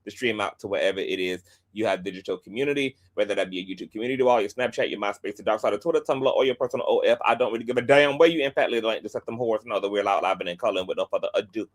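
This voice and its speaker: A man hosting a livestream in a chatty, animated way, with playful asides and quick rundowns of channel plugs. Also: on the low side. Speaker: host. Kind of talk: casual livestream commentary.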